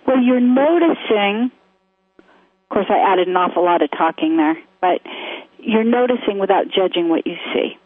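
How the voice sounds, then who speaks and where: A woman's voice: medium pitch, expressive, normal speed, breathy edge, dry recording. Rambling woman on a phone line. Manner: rambling, searching for words, gentle. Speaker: co-host of a call-in show. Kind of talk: call-in talk show, spiritual advice.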